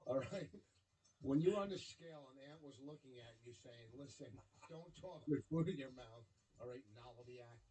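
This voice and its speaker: A man guesting on a radio show who rambles, stops and restarts while making his case. His voice is dark and mellow at a middle pitch. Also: moderate pace, low-quality recording. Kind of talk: radio banter.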